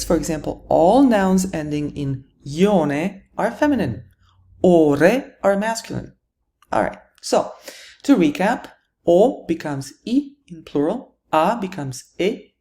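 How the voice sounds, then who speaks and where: A woman's voice: sits low, warm tone. A woman teaching a grammar lesson, patiently explaining rules and answering her own questions. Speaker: Italian teacher.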